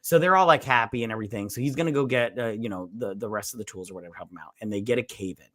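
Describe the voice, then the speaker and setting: A man's voice: on the low side, very fast, bright, forceful tone, dry recording, studio quality. A man hosting a casual movie review chat, retelling scenes in a rambling way with profane asides. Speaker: podcast host.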